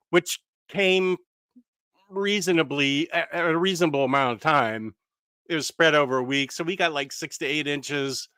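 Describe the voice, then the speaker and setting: Bright, chatty man hosting a livestream. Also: on the high side, smooth, no room sound, clean studio sound. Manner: rambling and self-interrupting, chatty with viewers. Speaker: livestream host. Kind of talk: casual live-stream chat. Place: home room.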